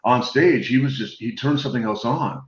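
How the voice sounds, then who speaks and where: A man on a video call telling animated, swear-laced anecdotes in a casual chat, acting out the voices of the people in his stories. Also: medium pitch, moderate pace, echoey room, muffled recording. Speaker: guest telling war stories.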